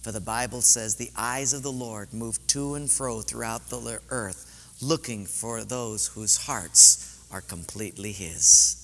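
A man's voice: fairly low pitch, a bit bright, a little hiss or hum. A man preaching a sermon in a church sanctuary, telling stories in an earnest, heartfelt way. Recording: long hall reverb.

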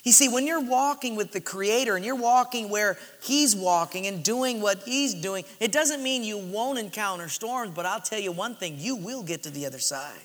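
High, bright-voiced preacher in an echoey hall. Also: male voice, animated, normal speed, hardly any pauses. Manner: dramatic storytelling, swinging between loud and hushed. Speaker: pastor. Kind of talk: sermon.

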